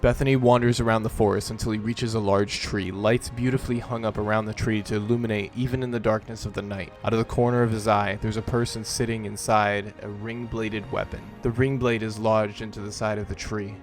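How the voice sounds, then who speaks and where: Low-voiced man narrating a tabletop game. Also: level tone, faint music behind. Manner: measured, dramatic scene-setting. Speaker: game master.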